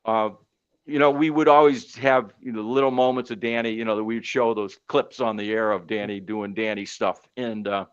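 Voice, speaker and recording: A middle-aged man and sportscaster, telling stories in casual chat as a podcast guest, animated and filler-heavy. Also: on the low side, normal speed, smooth, lo-fi sound. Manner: animated storyteller with many fillers.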